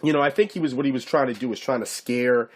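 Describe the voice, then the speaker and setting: A man's voice: mid-range voice, quick pace. A man giving a casual, profane ranting commentary to camera, mocking his target and often asking if you get what he's saying. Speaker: YouTube commentator.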